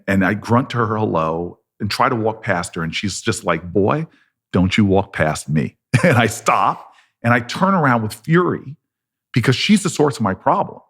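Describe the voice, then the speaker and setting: American guy in his 50s spinning a story, lowish voice, does the voices of everyone in it. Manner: lively storyteller, acting out both sides of conversations, laughing between lines. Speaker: politician guest. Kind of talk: animated storytelling.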